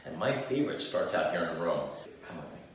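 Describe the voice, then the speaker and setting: A man leads a walking tour through indoor rooms, talking with bouncy, lively swings in pitch. He sounds enthusiastic and chatty, heard from a distance in a roomy, echoing space with faint ambience behind. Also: a little fast, a little hiss or hum. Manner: enthusiastic, animated storyteller. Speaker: muralist giving a tour. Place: indoor building hallways and rooms. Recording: roomy echo, distant mic.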